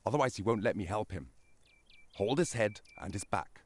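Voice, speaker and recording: A man's voice: lively intonation, normal speed, slightly rough, no room sound. An actor with a German accent playing a terse, commanding male forester hunting poachers in a game. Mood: stern. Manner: terse, commanding, low-voiced.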